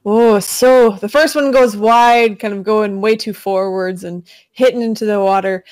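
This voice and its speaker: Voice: medium pitch, fairly even intonation, unhurried, darkish tone, smooth, no echo. A game master casually narrating a tabletop pirate battle for players. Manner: casual, describing action with fillers.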